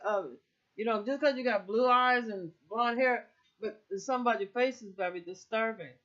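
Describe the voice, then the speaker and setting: A woman's voice: on the high side, fairly quick, fairly bright tone. Profane rambling woman ranting, lo-fi. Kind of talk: casual political rant to camera. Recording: muffled lo-fi recording.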